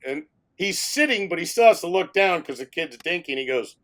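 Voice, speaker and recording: A man's voice: on the high side, lively intonation, fairly quick, a bit bright. A man around sixty, a film director telling anecdotes in a casual interview, laughing often and swearing freely.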